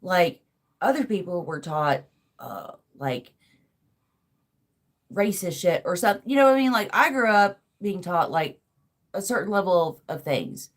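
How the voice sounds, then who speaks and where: Woman, thirties, podcast host, casual rambling chat, frequent swearing, lower pitch. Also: sing-song, unhurried, long pauses. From American South. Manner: rambling, swears freely, heavy use of "like".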